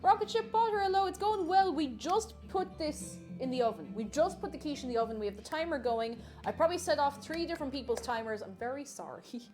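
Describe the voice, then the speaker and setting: Lively, chatty woman streaming her cooking. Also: high-pitched, a little fast, few pauses, over music. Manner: chatty and giggly, greets viewers by name. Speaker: cooking livestreamer. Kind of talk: casual cooking livestream chat. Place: home kitchen.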